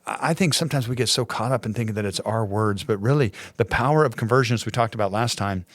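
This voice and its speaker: A man's voice: fairly low pitch, quick pace, no room sound. A man co-hosting a church podcast, casually telling stories in a rambling way, with restarts. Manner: rambling, with frequent restarts and playful voices. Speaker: co-host. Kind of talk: casual conversational storytelling.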